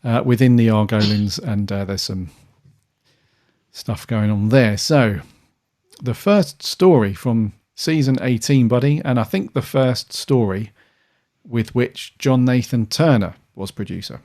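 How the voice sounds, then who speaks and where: A man in his forties co-hosting a podcast in casual chat, relaxed and full of fillers. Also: medium pitch, a little slow. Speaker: podcast co-host.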